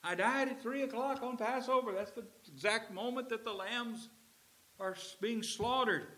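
A man's voice: very high voice, moderate pace, sharp tone, pitched above the performer's own voice. A man voicing Jesus as an earnest, emphatic teacher who coaxes and urges his followers. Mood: insistent. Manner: urgent, emphatic, coaxing.

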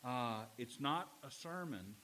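Lively middle-aged man preaching a sermon. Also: slow, a little hiss or hum, poor audio. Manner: animated preaching, swinging from loud and emphatic to low and quiet. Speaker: pastor.

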